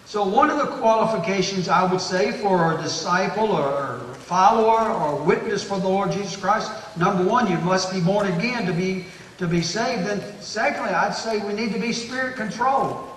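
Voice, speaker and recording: High-voiced preacher. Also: male voice, moderate pace, slight background noise. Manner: folksy, emphatic preaching with homespun humor. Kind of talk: sermon. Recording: echoey room from far off.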